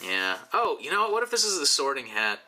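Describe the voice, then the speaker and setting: A man's voice: mid-range voice, wildly swooping pitch, a little fast, sharp tone, rough recording. A tipsy man rambling and joking with profane asides while he draws for his channel. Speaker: YouTuber drawing commissioned art. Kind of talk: casual rambling commentary while drawing.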